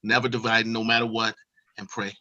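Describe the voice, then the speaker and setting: A man speaks calmly and earnestly on spiritual themes. His voice is bright but flat in pitch. He sounds distant and muffled, over a faint background hiss. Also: quick pace. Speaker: round table guest. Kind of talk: casual remote chat. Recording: muffled, distant remote audio with faint noise.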